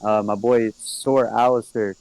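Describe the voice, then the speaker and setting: A young man as a podcast guest who streams games, chatting in a relaxed, laid-back way. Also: fairly low pitch, a little slow, dry recording, low-quality recording. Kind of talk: casual chat.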